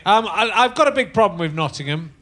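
A man's voice: high voice, lively intonation, fairly quick, fairly bright tone. A middle-aged man hosting a podcast, telling rambling, self-mocking anecdotes in a casual comic chat. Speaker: podcast host.

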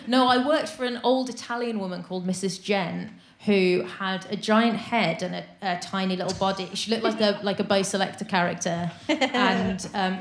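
A woman's voice: mid-range voice, echoey room, a little hiss or hum. A woman, a sketch comedian guest, telling rambling, self-deprecating anecdotes. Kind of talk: anecdotal interview chat.

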